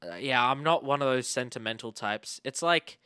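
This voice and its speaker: Bright-voiced young man rambling. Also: mid-range voice, normal speed, smooth, no echo, clean studio sound. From Australia. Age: young adult. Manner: rambling, animated, swearing. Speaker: podcast host. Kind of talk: casual chat.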